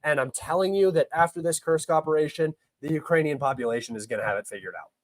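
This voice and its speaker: A man's voice: on the high side, fast, dry recording, low-quality recording. A young man hosting a live stream, reading chat questions and answering them in a blunt, argumentative way, sometimes swearing. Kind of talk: heated live-stream commentary.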